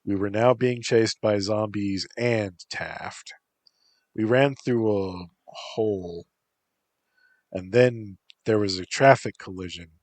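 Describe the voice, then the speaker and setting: Male narrator, low voice, very slow pace, deadpan story reading, dry close sound. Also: no echo. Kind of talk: first-person story reading.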